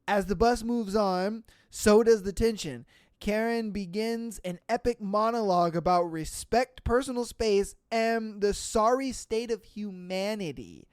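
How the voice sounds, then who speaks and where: A podcast host reading reddit stories, who keeps cutting in with swearing, laughter and loud exclamations. The voice is smooth and crisp, with an unhurried delivery. It is recorded close on a podcast mic in a dry room. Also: medium pitch, dry recording. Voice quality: profane, exclamatory, laughs often.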